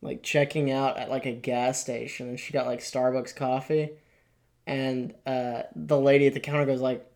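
A man's voice: mid-range voice, little pitch movement, moderate pace, gravelly, darkish tone. A young man co-hosting a casual podcast, telling rambling funny stories with many "like"s. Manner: rambling storyteller, heavy use of "like". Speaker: podcast co-host. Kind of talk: casual chat.

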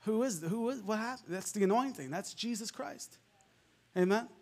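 A male preacher with a softened New York accent, delivering a fervent sermon full of amens and hallelujahs. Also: sits high, animated, normal speed, vocal fry. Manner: fervent, peppered with amens and laughs.

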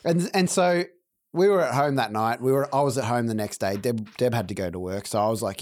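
Man, easygoing co-host, relaxed swearing, plain mid-pitch voice. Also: normal speed. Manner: laid-back, swears often, many yeahs. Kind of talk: casual chat.

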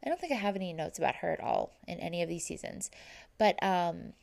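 A woman's voice: fairly low pitch, animated, fast, gravelly, darkish tone. A young woman recapping episodes in casual chat, rambling and quoting people, with "like" in almost every phrase. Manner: rambling, says "like" constantly, quotes people in retelling. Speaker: reality TV recap host.

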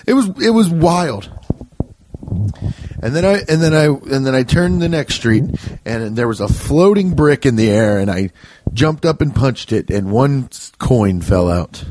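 A man's voice: fairly high pitch, expressive, normal speed, a little mellow, no room sound. A man who is a stand-up comedian and podcast host, telling a rambling, profane comic story and correcting himself as he goes.

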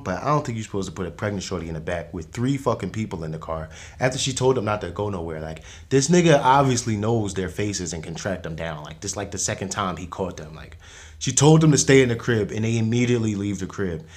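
A man's voice: on the low side, lively intonation, fast talker. A man hosting a podcast, recapping a movie in casual slang, rambling with frequent restarts and laughs. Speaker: podcast host.

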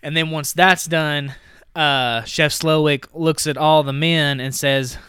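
A man's voice: on the high side, fairly even intonation, takes it slowly, bright, forceful tone, clean tone, no room sound, clean studio sound. A man co-hosting a podcast, casually retelling a film's plot and filling his talk with "like" and "you know.". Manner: rambling, heavy on "like" and "you know". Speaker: podcast co-host. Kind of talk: casual movie recap.

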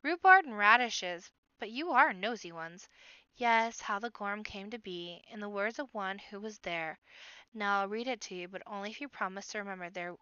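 A woman's voice: mid-range voice, fairly even intonation, moderate pace, bright, forceful tone, clean tone, no echo, dull audio, natural voice. A woman doing a jolly old rabbit bard. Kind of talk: storybook reading.

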